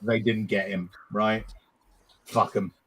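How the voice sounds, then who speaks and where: A man's voice: fairly low pitch, level tone, slow, fairly bright tone, breathy edge. A man speaking as a guest on a casual football podcast, blunt and swearing, with many restarts. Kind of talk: casual fan podcast chat.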